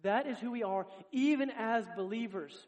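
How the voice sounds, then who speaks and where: High-voiced earnest male preacher. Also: normal speed, darkish tone. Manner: earnest, speaks directly to the congregation. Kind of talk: sermon.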